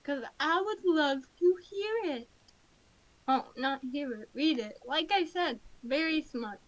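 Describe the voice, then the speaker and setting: A woman's voice: sits high, animated, slow pace, rough recording. A woman streamer chatting casually with a friend and her chat, playful and often mock-whining. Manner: playful, whiny mock-crying. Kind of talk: casual stream chat while gaming and drawing.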